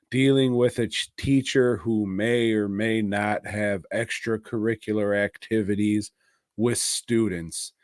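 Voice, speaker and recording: A man co-hosting a podcast, casually rambling through a movie plot with crude jokes, laughter and quick impressions of the characters. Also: lowish voice, darkish tone, clean tone, no room sound, clean studio sound. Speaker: podcast co-host. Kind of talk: casual movie review chat.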